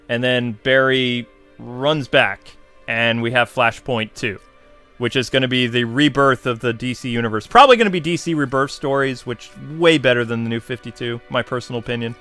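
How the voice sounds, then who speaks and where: A man's voice: medium pitch, moderate pace, pushed and bright, clear, resonant tone, soft background music. A man giving a casual, slangy film review that swings from laid-back to exasperated.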